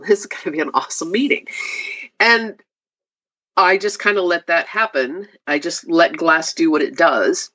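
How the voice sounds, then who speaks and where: A woman, a glass artist, telling stories in a casual interview and acting out quotes in a much higher voice. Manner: animated, acts out quoted voices with high pitch jumps. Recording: slightly dull lo-fi audio.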